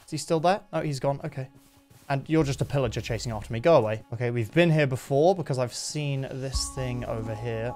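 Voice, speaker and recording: A young man giving excitable, jumpy gameplay commentary, yelping when startled and talking to his horse. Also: medium pitch, a little fast, faint music behind. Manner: jumpy, excitable, talks to his horse, sudden yelps of fright. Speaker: gaming YouTuber.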